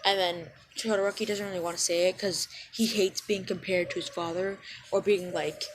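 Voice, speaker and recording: A woman's voice: fairly low pitch, fairly even intonation, moderate pace, a little hiss or hum, rough recording. A young woman casually retelling a fan story, rambling and often correcting and apologizing for herself.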